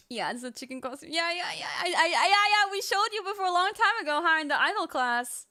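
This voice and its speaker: A young woman streamer chatting casually with her viewers, excitable and often laughing, swearing now and then. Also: very high-pitched, normal speed, dry recording, studio quality. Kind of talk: casual livestream chat.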